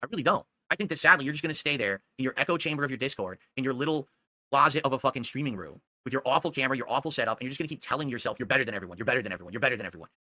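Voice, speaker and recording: Fast, sharp-voiced man ranting angrily. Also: mid-range voice, animated, no echo, clean studio sound. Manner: heated, scolding, profane, repeatedly asking "do you understand". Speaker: streamer. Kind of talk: angry ranting monologue.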